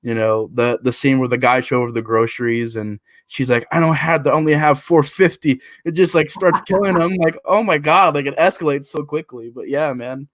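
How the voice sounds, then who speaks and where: A man co-hosting a casual movie chat, animated, acting out scenes and laughing at bad dialogue. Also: brisk, few pauses, no room sound, studio quality. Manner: animated, acts out scenes in jumpy higher voices.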